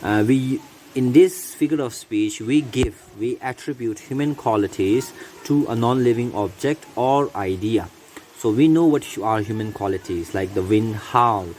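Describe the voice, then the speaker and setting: A man's voice: medium pitch, a little slow, darkish tone, a little hiss or hum, rough recording. A man teaching English in a recorded video lesson, explaining patiently and asking his students rhetorical questions.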